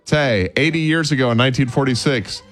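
A man's voice: medium pitch, brisk, fairly bright tone, faint music behind. Man hosting morning radio trivia. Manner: reads history trivia questions. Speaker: radio host.

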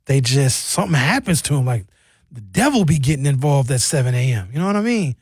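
A man hosting a radio talk show, telling lively stories with impressions. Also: medium pitch, fairly quick, husky, no room sound, studio quality. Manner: animated storyteller, slips into impressions. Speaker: radio host. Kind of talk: lively casual radio banter.

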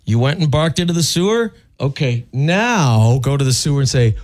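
A man's voice: medium pitch, very animated, normal speed. A man co-hosting a radio show, teasing and laughing easily in casual banter. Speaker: radio co-host.

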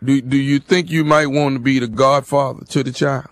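A man in his fifties making a prank phone call as a radio host, loud and teasing with mock concern. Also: mid-range voice, steady tone, normal speed, no room sound, clean studio sound. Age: 50s.

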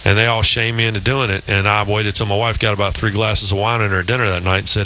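Fifties guy hosting sports radio, super bright edgy voice, rambles thru long stories, bit of hiss. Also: fairly low pitch, fast talker, hardly any pauses, poor audio. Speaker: radio show host. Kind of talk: casual sports talk chat.

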